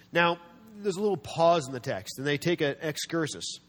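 A man preaching a sermon as a pastor, animated, often acting out the voices of people he quotes, with self-deprecating humor. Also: on the high side, normal speed. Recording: long reverb of a large hall.

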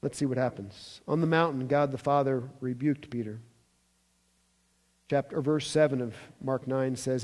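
A man preaching with a high voice and lively, emphatic storytelling. He reads scripture and jokes lightly between the passages, while a long hall reverb lingers around his words. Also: moderate pace. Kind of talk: sermon.

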